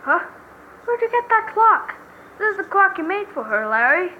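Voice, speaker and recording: A woman's voice: extremely high pitch, very animated, moderate pace, highs cut off, slight background noise. A woman voicing a young male defense lawyer in a game, earnest and emphatic in a dramatic way. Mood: triumphant.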